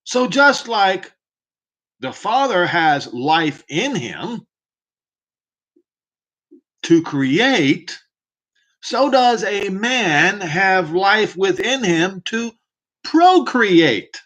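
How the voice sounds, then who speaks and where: Slow, emphatic male Bible teacher. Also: high-pitched, sing-song, fairly bright tone. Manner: slow, emphatic, asks the listener rhetorical questions. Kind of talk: preaching Bible commentary.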